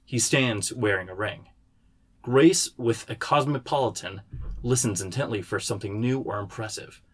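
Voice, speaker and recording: A man, the writer, reading the stage directions of his screenplay aloud in a steady way. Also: fairly low pitch, moderate pace, husky.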